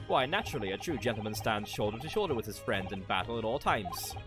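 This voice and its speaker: An Irish man hamming up a pompous gentleman detective. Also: lowish voice, lively intonation, music in the background, lightly acted. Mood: grand. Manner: grandiose, theatrical, drawn-out speech. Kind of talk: reading game dialogue aloud.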